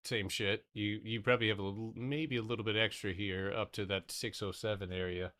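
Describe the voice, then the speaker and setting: A young man giving casual live trading commentary to his community, excitable and profane, talking in broken half-sentences. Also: fairly low pitch, fairly quick. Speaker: stock trading streamer.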